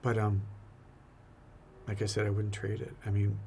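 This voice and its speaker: Gravelly, earnest priest. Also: male voice, lowish voice, completely flat delivery, moderate pace, warm tone, a little hiss or hum. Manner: earnest, reflective, repeats words often. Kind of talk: casual faith conversation.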